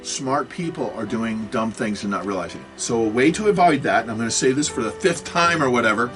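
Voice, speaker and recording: A man's voice: medium pitch, animated, brisk. A man giving a self-made talk on computer security, agitated and apologetic, with frequent restarts, over faint music.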